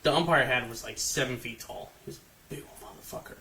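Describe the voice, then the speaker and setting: This is a man in his fifties sharing a softball story on a podcast, profane and animated as he mimics what others said. He sits back from the mic, and there is faint noise under his voice. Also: medium pitch, fast talker, creaky, distant mic. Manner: profane, animated, acts out quotes. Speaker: podcast co-host. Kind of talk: casual storytelling chat.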